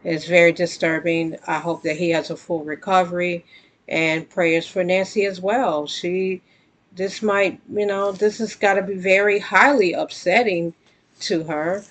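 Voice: mid-range voice, fairly even intonation, unhurried, fairly bright tone. A vlogger talking straight to viewers in casual spoken commentary, earnest and conversational, often restarting sentences and breaking into emphatic outbursts.

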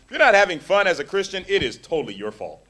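A man preaching a sermon to a congregation, animated and joking, acting out the voices of the people in his stories. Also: high voice, fast. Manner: animated, acts out quoted voices.

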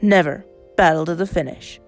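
A woman's voice: on the high side, expressive, normal speed, darkish tone, soft background music, voice pushed up. A woman voicing a fretful, competitive middle-aged mother who turns pleading and apologetic, read in a story. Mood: playful.

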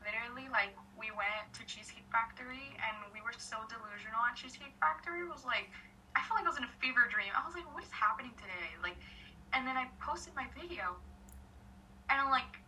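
Young woman chatting, high bright voice, lots of likes, a bit far from the mic with faint hiss. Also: quick pace. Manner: excited storytelling, heavy "like" fillers, acts out quotes. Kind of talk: casual chat.

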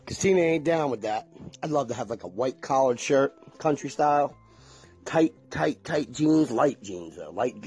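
A man's voice: a little high, a little mellow, slightly rough. A middle-aged man rambling in a folksy, chatty way, talking straight to his viewers in a casual monologue. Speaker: vlogger.

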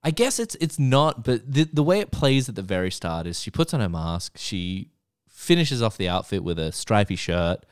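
Man, low voice, very lively intonation, dry close sound, casual podcast chat. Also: normal speed, smooth, no echo. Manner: animated, jumps into high voices when quoting. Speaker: podcast co-host. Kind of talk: casual chat recapping a TV episode.

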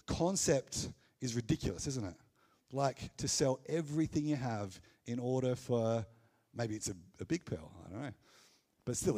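Speaking in a mid-range voice, a pastor with an Australian accent delivers a Sunday sermon to his congregation, keeping it lively and conversational with playful asides.

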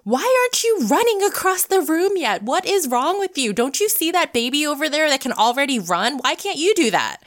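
A woman's voice: high voice, sing-song, moderate pace, hardly any pauses, fairly bright tone, pitched above the performer's own voice. A woman voicing a harsh parent who nags a baby with exasperated, demanding questions. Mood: scolding.

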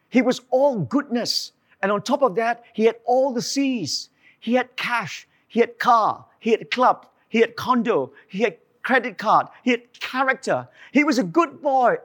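A man preaching a sermon, telling the story with animated asides and acted-out quotes. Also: sits high.

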